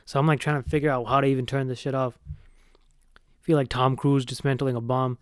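A man's voice: mid-range voice, flat delivery, a little fast, smooth, dry recording, clean studio sound. A young man telling a long, profane, rambling story in casual podcast chat, full of "like" and "right?". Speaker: podcast host.

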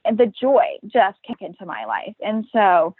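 A woman's voice: mid-range voice, sing-song, measured pace, breathy edge, dry recording. Matter-of-fact woman on a tinny line. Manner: matter-of-fact, upbeat, acts out quoted voices. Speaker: guest. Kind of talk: casual interview talk. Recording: dry, tinny phone-like line.

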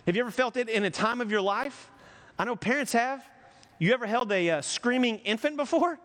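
A man's voice: very high-pitched, a little fast, fairly bright tone, long reverb tail. A man from the United States preaching a conversational, joking sermon as pastor.

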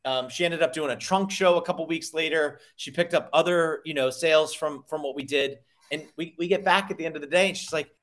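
In this conversational interview, the sales coach speaks briskly with few pauses, his voice on the high side. Energetic and story-driven, he often repeats himself and restarts, acting out the people he quotes with animated voices.

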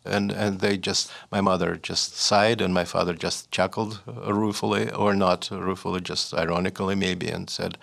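An older man with a Russian accent recounts his past as an interview guest. His voice is low and gravelly, and he talks hesitantly, full of fillers and restarts. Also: fairly even intonation, moderate pace, few pauses, fairly bright tone. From Leningrad, Soviet Union. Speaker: guest, writer. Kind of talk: reflective storytelling interview.

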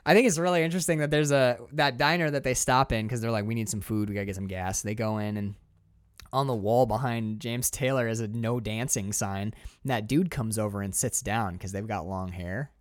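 A man, a podcast co-host, casually and profanely retelling a movie scene with lively energy. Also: mid-range voice, dry recording, clean studio sound. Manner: animated, profane, quick storytelling. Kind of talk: casual film discussion.

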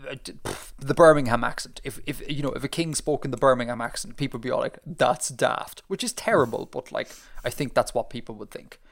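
A man co-hosting a casual podcast, talking in a rambling, animated way full of fillers and restarts. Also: medium pitch, a little fast, vocal fry, few pauses. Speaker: podcast co-host. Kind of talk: casual chat.

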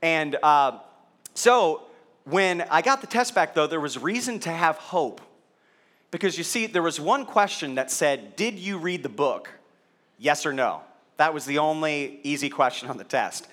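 Delivering a sermon to a live crowd via a handheld or stage microphone, a pastor tells self-deprecating stories and asks the audience questions. His fairly high, somewhat bright voice has lively intonation and a slightly slow pace.

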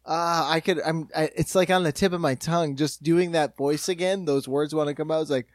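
A man's voice: fairly high pitch, steady tone, no echo. A man co-hosting a comedy podcast, rambling and jokey in casual chat. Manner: rambling, jokey, quick asides. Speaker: podcast co-host.

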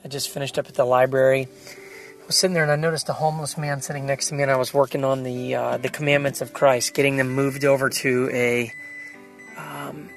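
A man's voice: medium pitch, little pitch movement, fairly quick, faint music behind, poor audio. A man recording an earnest, reflective spiritual video diary, speaking prayerfully about his faith. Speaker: video diarist. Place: car.

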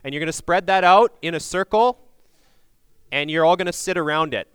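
A man leading a group through a Passover meal, giving loud instructions into a microphone and checking in with frequent "okay?"s. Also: a little high, brisk, clear, resonant tone, dry recording. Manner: projects loudly into a microphone. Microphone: handheld or stand microphone.

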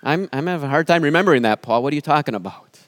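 Guy acting out god as a patient puzzled all-knowing lord, a bit higher voice, dry sound. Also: expressive, racing, no echo, close to an everyday voice. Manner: mock-bewildered, patient insistence.

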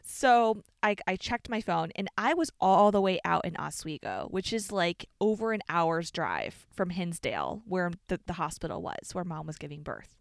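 Brief: young woman podcast co-host from the Chicago suburbs, smooth clear voice, dry close mic, chatty and profane. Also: on the low side, moderate pace, hardly any pauses, dry recording. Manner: animated, swears freely, many "like" fillers. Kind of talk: casual storytelling chat.

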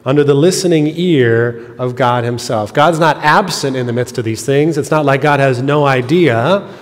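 Man, pastor, sermon, earnest, explanatory, mid pitch, long church hall reverb. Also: normal speed. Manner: earnest, explanatory, softening to quiet on heavy lines. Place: church sanctuary.

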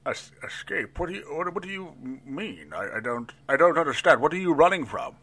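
A man's voice: fairly high pitch, animated, fairly quick, a bit bright. A man playing a nervous, overweight male elf barkeep who stammers and gets flustered.

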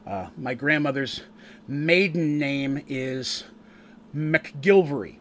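A man's voice: fairly high pitch, slow, fairly bright tone, a little hiss or hum. A Canadian-raised man recapping a tabletop campaign on stream in a casual, rambling way, often restarting his sentences. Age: adult, eldest grandchild with a wife. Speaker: game master and streamer.

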